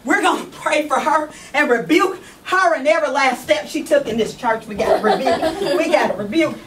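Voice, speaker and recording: A woman in a one-woman comedy show, putting on a self-righteous church lady who loudly scolds and rebukes. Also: high-pitched, animated, moderate pace, echoey room, slight background noise. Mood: scolding. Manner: preachy, shouting, theatrical rebuking. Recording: live stage from a distant mic, faint ambience.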